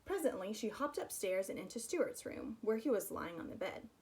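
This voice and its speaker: Woman reader, expressive, mid-pitched, children's chapter book read aloud. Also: moderate pace. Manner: expressive storytelling, personal asides.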